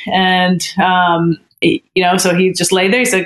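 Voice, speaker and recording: Candid woman with a lowish voice. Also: fairly even intonation, normal speed, fairly bright tone. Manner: candid and heartfelt, with frequent "um"s and restarts. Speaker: podcast guest. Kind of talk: personal storytelling in a conversation.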